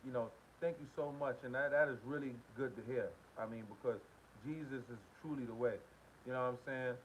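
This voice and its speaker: A man's voice: mid-range voice, steady tone, brisk. A man hosting a live stream, talking casually and repetitively in while reading viewer comments. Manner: venting, repetitive, slangy. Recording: dull lo-fi stream with faint hiss.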